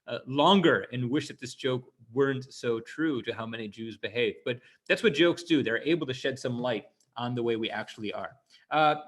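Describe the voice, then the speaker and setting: A man telling synagogue jokes in a relaxed stand-up storytelling style, stopping to explain Jewish terms and jumping higher for the characters' cries. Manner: voices characters with higher pitched wails.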